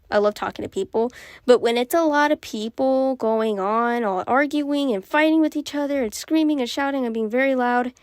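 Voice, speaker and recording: A woman vlogger talks casually over a drawing, rambling and filling gaps with "like" and "um". Her voice sits in a middle pitch. The recording is dry and close, with no room sound. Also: dry recording. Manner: rambling, chatty, many fillers. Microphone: voice-over recorded separately from the drawing footage.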